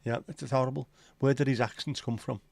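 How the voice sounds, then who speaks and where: His voice is creaky and darkish, medium in pitch, steady in tone, and quick, captured in a dry recording. He's a middle-aged Liverpudlian livestream host chatting loosely to his live audience, opinionated and prone to swearing.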